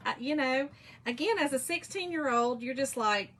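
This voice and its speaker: A woman's voice: high-pitched, slow pace, pauses often, fairly bright tone. A woman with a Southern US accent chatting and telling stories to her livestream viewers while she works on a craft project, laughing often. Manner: talkative, laughs often, speaks to chat as "y'all".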